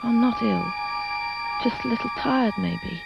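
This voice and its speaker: A man's voice: very high voice, unhurried, creaky, full character voice. A man voicing a young woman nurse in denial in a parody advert, breezy and self-reassuring, over a lo-fi music bed. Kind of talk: parody public service advert.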